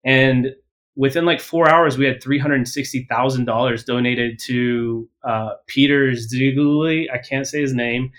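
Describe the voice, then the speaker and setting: A man's voice: medium pitch, steady tone, a little slow, a bit bright. A man talking casually as a podcast guest, blunt and profane, rambling with lots of fillers and self-corrections. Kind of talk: casual interview talk.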